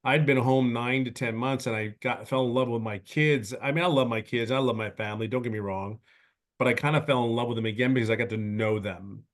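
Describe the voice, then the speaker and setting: A man in his fifties, voice mid-range and steady, delivers a sincere personal testimonial on a webinar video call. He speaks earnestly, faltering and starting his sentences over.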